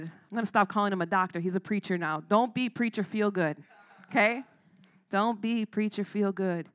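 A woman with a mid-range, slightly bright voice preaches a sermon emphatically. She calls out "Amen?" and "Come on" to the congregation and laughs between points.

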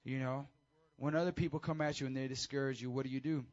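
This male youth pastor talks quickly through an easygoing, high-energy sermon for teens, trading call-and-response lines with them. His intonation is fairly even and his tone a little mellow, with the high frequencies cut off.

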